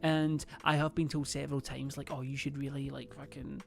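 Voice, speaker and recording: A man's voice: medium pitch, little pitch movement, a little fast, gravelly. A young man, chatting casually to his stream in a rambling, hesitant way full of fillers and swearing.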